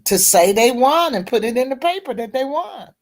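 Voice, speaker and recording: A woman's voice: high-pitched, expressive, normal speed. A middle-aged woman, a teacher advocate and guest at a round table discussion, telling her story bluntly and candidly.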